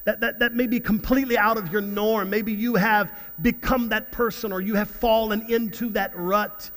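A man preaching a sermon as pastor in church, halting and repeating words, then building to loud outbursts. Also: sits high, fairly even intonation. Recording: long hall reverb.

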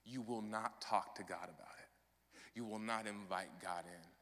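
A man in his thirties preaching a sermon as pastor, swinging from loud proclamation to soft, personal confession. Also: lowish voice, steady tone, normal speed. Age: 30s. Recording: long hall reverb.

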